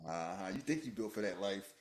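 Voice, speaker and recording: A man co-hosting a podcast, chatting casually about a movie and jumping into high falsetto voices for its lines. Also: lively intonation, fairly quick. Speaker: podcast co-host. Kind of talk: casual movie commentary chat.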